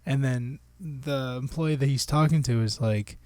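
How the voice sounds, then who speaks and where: A man's voice: medium pitch, unhurried, darkish tone, no room sound. A young man co-hosting a podcast, telling a story in casual chat, swearing and acting out quoted lines. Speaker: podcast co-host.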